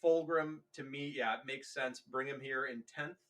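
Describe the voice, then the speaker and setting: A man's voice: medium pitch, steady tone, moderate pace, fairly bright tone. A man co-hosting a podcast, casually retelling a novel's plot in a rambling way and acting out characters' lines as he goes. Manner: rambling, acts out characters' lines mid-story. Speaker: podcast co-host.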